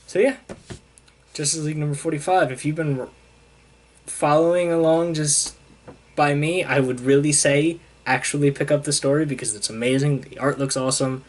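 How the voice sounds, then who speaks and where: A man's voice: a little high, fairly even intonation, normal speed. A young man, a comic book reviewer, casually recapping a story and paraphrasing the characters' lines as he goes. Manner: casual, retells scenes with "he's like" paraphrases.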